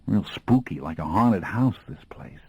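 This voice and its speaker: A man's voice: sits low, animated, a little slow, dark tone, slightly rough, no echo, lo-fi sound. A man reading an audiobook in a folksy, slangy storytelling voice. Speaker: audiobook narrator. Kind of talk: scripted audiobook narration.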